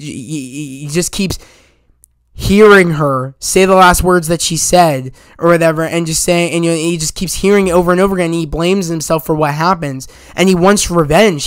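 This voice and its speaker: A man with a high, smooth, clear voice gushes through a rambling film review, stacking "you know" fillers as he goes. He is recorded close on a dry mic, and he gets loud and high whenever he is thrilled. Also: dry recording. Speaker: movie reviewer. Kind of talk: excited casual spoiler review.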